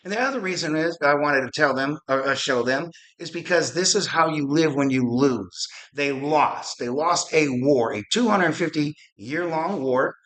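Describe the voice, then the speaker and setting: A man's voice: fairly high pitch, moderate pace, hardly any pauses, a bit bright. A middle-aged man from Arizona, hosting his show in a fired-up, profane political rant that rambles and restarts. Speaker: podcast host.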